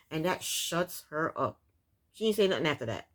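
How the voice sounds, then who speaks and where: A woman's voice: mid-range voice, very animated, a little fast, fairly bright tone. A woman giving a blunt, sassy, exasperated casual recap of a TV show. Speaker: reality TV recap YouTuber. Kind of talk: casual commentary.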